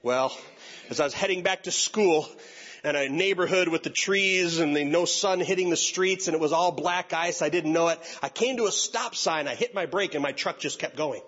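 A high, lively man with a slightly husky edge tells a comic story from the stage, leaping between voices as he acts out every character. His voice is bright, and the recording is dull and lo-fi. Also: normal speed. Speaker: youth pastor and speaker.

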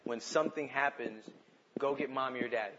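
A man preaching a sermon, moving between urgent, passionate pleas and quiet, reflective asides. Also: mid-range voice, fairly quick, highs cut off, a little hiss or hum. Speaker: pastor.

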